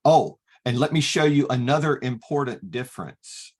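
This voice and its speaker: A man leading an online workshop, explaining software step by step and often pausing with "okay" to restart. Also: medium pitch, expressive. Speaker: workshop facilitator teaching LaTeX. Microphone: video call.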